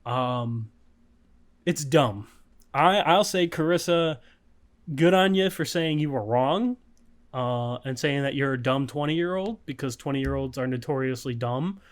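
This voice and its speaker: A man's voice: mid-range voice, unhurried. A man co-hosting a casual podcast, telling a story in a rambling, profane way, with frequent fillers and laughs. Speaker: podcast co-host.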